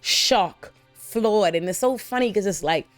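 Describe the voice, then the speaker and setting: A woman hosting a casual TV episode breakdown, talking in an animated, slangy, profane way with frequent exclamations. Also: medium pitch, unhurried, no room sound, soft background music. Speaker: show recap host.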